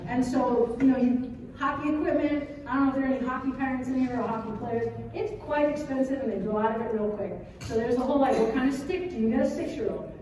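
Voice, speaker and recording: A woman in her thirties, an educator, giving a chatty, animated conference talk and often checking in with the audience. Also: fairly high pitch, slight background noise. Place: large hall at an educators' conference. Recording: echoey hall from far off.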